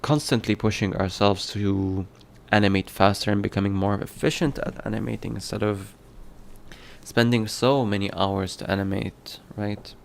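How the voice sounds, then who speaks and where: A man's voice: lowish voice, steady tone, moderate pace, gravelly, slight background noise. A man who develops indie games, talking casually on a stream with lots of fillers and self-corrections. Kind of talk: casual livestream talk.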